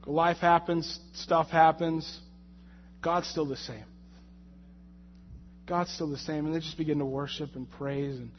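A man giving a conversational sermon, telling a personal story in an animated, joking way and getting loud when he relives his anger. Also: fairly high pitch, unhurried, pauses often, slight background noise. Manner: animated, jokey storytelling with rising, shouted anger in the retold moments. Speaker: lay preacher. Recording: dull lo-fi sound.

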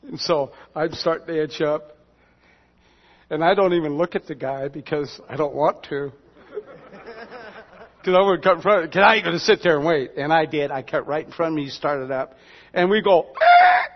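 A pastor preaches a storytelling sermon, relating everyday tales in a folksy, conversational style and tossing asides to the congregation. His voice is fairly high and a little fast. The recording is dull and lo-fi, with a long hall reverb.

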